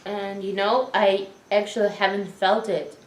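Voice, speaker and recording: Halting young woman, echoey room. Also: medium pitch, fairly even intonation. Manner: halting, searches for words, laughs often. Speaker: vlog co-host, roommate. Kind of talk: casual chat.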